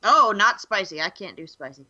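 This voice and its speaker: Woman, podcast host, bright lively voice, blunt opinions, slightly dull lo-fi audio. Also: mid-range voice. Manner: blunt, opinionated, quick reactions. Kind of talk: casual chat.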